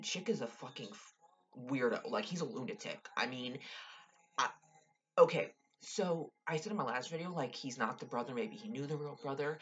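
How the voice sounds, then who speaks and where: A woman's voice: extremely low pitch, a bit bright, slightly rough, highs cut off. A young woman ranting casually about a TV show, exasperated, sighing often and swearing freely. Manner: exasperated, frequent sighs and swearing. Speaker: vlogger. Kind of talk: casual TV recap rant.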